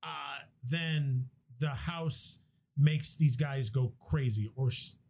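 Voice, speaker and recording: A young man in casual podcast chat, swearing freely as he excitedly retells a movie plot. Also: mid-range voice, slow. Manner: animated, profane movie retelling.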